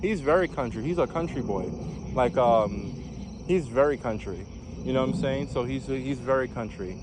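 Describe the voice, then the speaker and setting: A man's voice: medium pitch, animated, moderate pace, background noise. A young man from New York, a former navy recruit, telling his story in a casual vlog with lots of fillers and restarts. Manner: rambling, many fillers and restarts.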